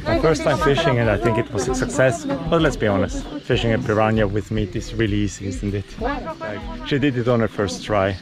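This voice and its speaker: A man's voice: lowish voice, fairly quick, music in the background. A man talking to the camera as a travel vlogger, chatty, candid and poking fun at himself. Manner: chatty, candid and self-mocking. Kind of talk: casual vlog talk to camera. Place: outdoors in a rainforest. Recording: outdoor clip with loud insect noise. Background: insects and crickets of the forest.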